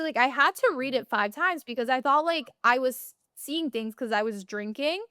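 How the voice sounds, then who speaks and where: A young woman co-hosts a podcast in a casual, rambling chat full of fillers, speaking at a moderate pace. Her high voice is bright and forceful with lively intonation, captured in clean studio sound without echo.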